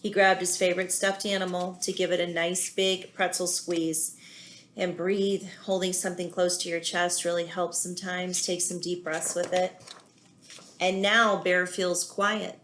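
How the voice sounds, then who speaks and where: A woman teacher reading a children's picture book aloud, pausing often to gently explain feelings to young listeners. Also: fairly low pitch, little pitch movement, slight background noise. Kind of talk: children's read-aloud with commentary.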